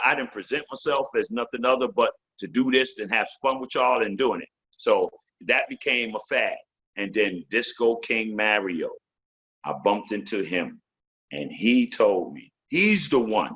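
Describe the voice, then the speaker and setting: A husky, lowish-voiced man in his fifties spins stories in a relaxed interview, swearing freely as he talks. He drops into the voices of the people in his tales and rolls back out into easy, streetwise chat. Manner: profane, loose storytelling with voiced quotes. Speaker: guest, veteran MC. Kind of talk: casual interview storytelling.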